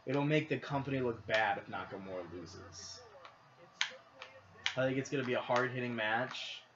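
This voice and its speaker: A young man with a Midwestern accent giving earnest, sometimes announcer-style picks in a casual chat while gaming. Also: medium pitch. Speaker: podcast co-host. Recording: lo-fi audio with clear background noise.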